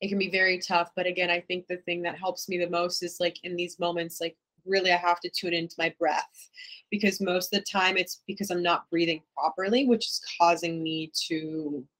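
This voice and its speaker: A woman's voice: fairly low pitch, flat delivery, fairly quick, fairly bright tone, poor audio. A young adult woman speaking candidly and reflectively as an interview guest, with many filler words. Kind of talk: casual interview talk.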